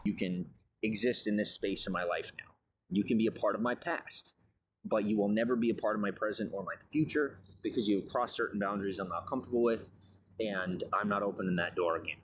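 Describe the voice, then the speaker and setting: A man's voice: lowish voice, brisk, slight background noise. A man giving a grandiose, meandering monologue about his life and advice. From raised on a farm. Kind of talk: rambling monologue.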